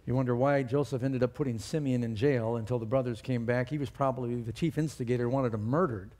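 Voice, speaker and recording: Mellow-voiced male preacher telling stories. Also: medium pitch, steady tone, fast talker. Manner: storytelling, reads scripture aloud with rising emphasis. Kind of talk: sermon with personal stories.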